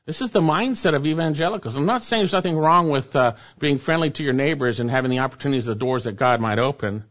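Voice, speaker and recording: A man's voice: mid-range voice, fast, fairly bright tone, dull audio. A man preaching an expository sermon as pastor, emphatic and repeating key phrases for weight.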